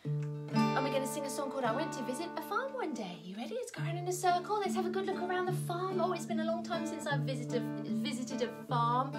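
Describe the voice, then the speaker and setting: A woman's voice: high voice, expressive, brisk. An English woman leading a children's music class, chatting encouragingly and breaking into nursery songs and animal noises. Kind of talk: singing and talking to young children.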